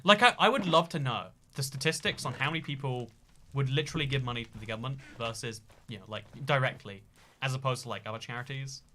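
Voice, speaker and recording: A man's voice: medium pitch, fast, pushed and bright, a little hiss or hum. A man hosting a casual livestream and reading out chat donations. He talks in a rambling, jokey way, full of fillers and restarts.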